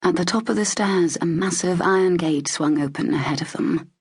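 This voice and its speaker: A woman reading a fantasy audiobook in steady, measured narration. Her voice sits low, with a husky edge and a gravelly fry at the ends of phrases.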